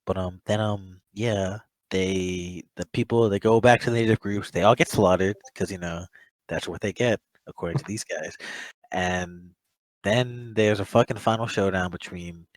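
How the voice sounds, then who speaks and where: A man's voice: sits low, fairly even intonation, moderate pace, no room sound, low-quality recording. A young man chatting casually as a podcast co-host, rambling, swearing often and laughing a lot. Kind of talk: casual chat.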